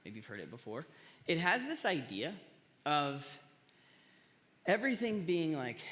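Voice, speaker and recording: Man, pastor, casual conversational sermon, bright forceful voice, fairly high pitch, long hall reverb. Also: very animated, unhurried, long pauses. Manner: conversational, storytelling, self-deprecating jokes. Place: large church hall.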